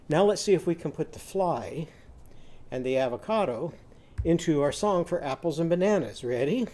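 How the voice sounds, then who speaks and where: A man's voice: on the high side, lively intonation, moderate pace, darkish tone. A man teaching a children's phonics lesson, modelling sounds in a sing-song way for the class to repeat.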